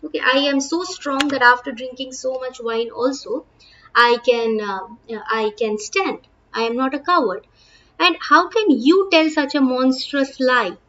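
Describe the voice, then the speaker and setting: A woman's voice: sits high, a little slow, bright, forceful tone, highs cut off. A woman with an Indian English accent, reading play lines aloud and explaining each one in plain words as a teacher. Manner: reads lines aloud, then paraphrases in plain English with frequent "uh" and "okay".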